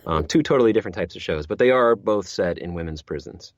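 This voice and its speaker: A man's voice: low voice, lively intonation, fast talker, no echo, muffled recording. A man who narrates audiobooks, chatting as an interview guest, rambling with many restarts and repeated words. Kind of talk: casual interview chat.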